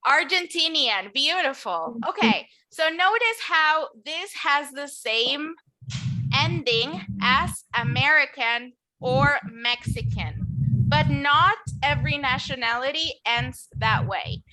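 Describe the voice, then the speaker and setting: Bright, high-pitched woman as a bilingual English teacher, slow model words for repetition. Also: lively intonation. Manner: switches between English and Spanish explanations; slow, drawn-out model words for students to repeat. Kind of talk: online class teaching nationalities.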